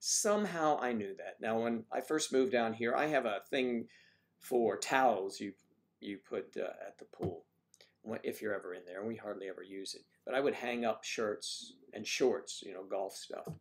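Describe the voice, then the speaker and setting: A man's voice: fairly low pitch, moderate pace. A man hosting a casual morning livestream, chatting playfully and reading out viewer comments. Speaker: livestream host.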